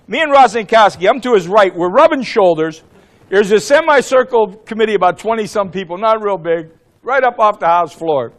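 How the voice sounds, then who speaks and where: A man in his seventies from Ohio, a former congressman giving a blunt, animated rally speech, acting out the exchanges he describes. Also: high voice, a little fast. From Ohio, USA. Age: 70s. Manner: animated, acts out quoted exchanges, blunt and profane.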